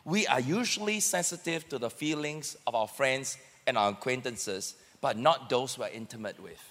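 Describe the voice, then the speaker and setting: A man's voice: medium pitch, animated, moderate pace, a bit bright. A male pastor preaching a conversational sermon and calling on the congregation to answer back. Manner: conversational, calls for congregation responses. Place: church hall. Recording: echoey church hall.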